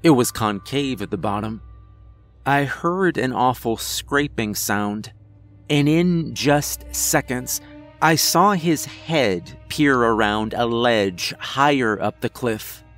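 A man narrating a first-person horror story in a measured storytelling manner. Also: mid-range voice, expressive, a bit bright, faint music behind.

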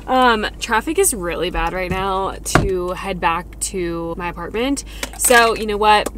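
Chatty, excitable young woman vlogging. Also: medium pitch, a little hiss or hum. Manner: chatty and excitable, gushing about food and purchases. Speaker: lifestyle vlogger. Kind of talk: casual vlog chat to camera. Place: parked car, then her apartment.

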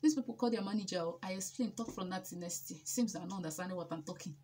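Animated Nigerian woman telling a story. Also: mid-range voice, fast. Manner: emphatic, animated, repeats herself for effect. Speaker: vlogger. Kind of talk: casual storytelling.

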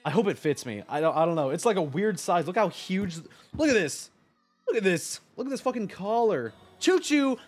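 A young man chatting on a live stream, rambling excitedly, swearing and talking to his chat. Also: high voice, fairly quick.

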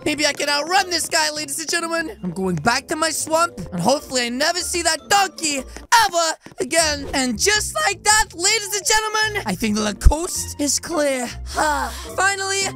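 A woman roleplaying an ogre in an online game, talking to viewers in an excitable, exaggerated way and often shouting. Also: high voice, normal speed, few pauses, music in the background.

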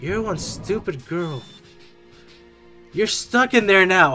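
An excitable gamer joking and exclaiming while reacting to a game's death scenes. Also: mid-range voice, slow pace, faint music behind. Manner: excitable, jokey, exclaims often and mimics characters. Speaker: reaction video creator. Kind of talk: casual game reaction commentary.

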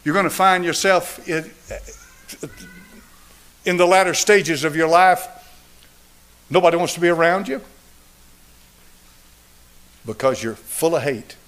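A man in his seventies preaching a sermon and altar call, driving points home through repetition and swinging between raised and hushed delivery. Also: on the high side, unhurried, pauses often. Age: 70s. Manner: emphatic, repetitive preaching cadence. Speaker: pastor.

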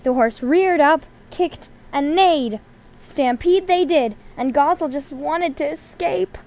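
A woman reading a children's novel aloud, lively, lifting her voice a little for the characters' lines. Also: sits high, takes it slowly, low-quality recording. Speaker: reader.

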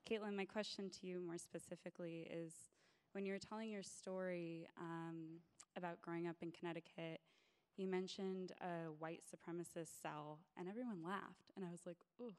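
A woman's voice: lowish voice, steady tone, normal speed, hardly any pauses, a little mellow, clean tone. A woman in the audience asking a question earnestly, hesitating with many fillers.

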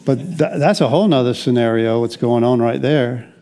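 A man's voice: medium pitch, moderate pace, mellow. A middle-aged American man preaching a sermon as pastor, conversational and rambling, often restarting his sentences. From United States.

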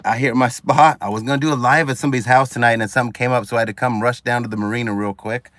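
A man's voice: medium pitch, fairly even intonation, very fast, a bit bright, dry recording. Upbeat man hosting a live stream outdoors. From California. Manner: upbeat, greets viewers by name one after another. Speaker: livestream host. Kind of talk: casual live stream chat reading viewer comments. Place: outdoors at a marina at sunset.

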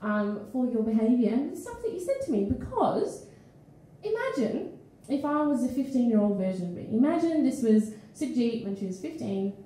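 A high-voiced Australian woman tells a story on stage and swings her voice through a wide range to act out the people in it. She sounds like a live recording in a very echoey room, with a faint hum of ambience behind her. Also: sing-song, moderate pace, mellow. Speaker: feature poet. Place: small studio venue with a live audience.

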